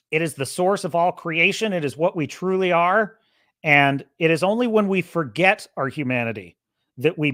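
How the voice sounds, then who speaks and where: A man's voice: fairly high pitch, a bit bright, no echo, clean studio sound. A man hosting his own podcast, talking in an emphatic, rambling way with many restarts. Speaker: podcast host. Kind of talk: casual opinion monologue.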